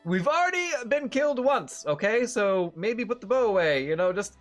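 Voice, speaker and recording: A game master puts on a cluster of mounted trophy heads come to life, their voices pitched up high and talking over one another in a frantic rush. The babble is hurried and excited, with the odd shouted word breaking through, and faint music plays underneath. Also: heavily acted.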